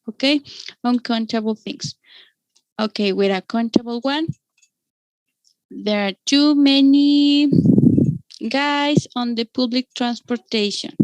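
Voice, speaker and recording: Woman, Mexican-accented English teacher, high voice, slow and patient, dry close sound. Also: no echo, low-quality recording. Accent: Mexican Spanish. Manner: patient, repeats "okay?" to check understanding. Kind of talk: online class teaching.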